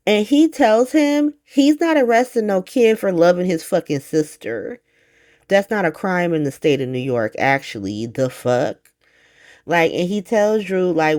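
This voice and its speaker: A woman recapping a soap opera in a casual vlog, talking in a slangy, profane, animated way. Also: fairly low pitch, a little slow.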